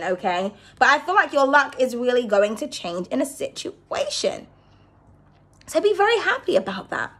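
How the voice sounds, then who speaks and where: A woman's voice: a little high, fairly bright tone. A woman giving a casual card reading to her viewers, chatty and reassuring, often checking in with "okay?". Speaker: tarot card reader.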